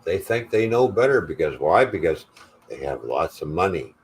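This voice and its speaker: An older man with a low-pitched voice rants on a livestream. He swears constantly and sounds defiant and furious, hammering every point home. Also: very animated, moderate pace. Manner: angry, profane, defiant. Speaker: livestream host. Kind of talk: angry profane rant.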